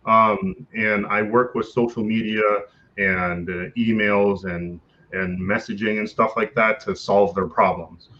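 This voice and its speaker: A man with a fairly low voice answers an interviewer over a video call, hesitant and full of fillers and restarts, and he laughs often. The audio is slightly dull and lo-fi. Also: fairly even intonation, a little slow, pushed and bright. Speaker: interview guest, content creator.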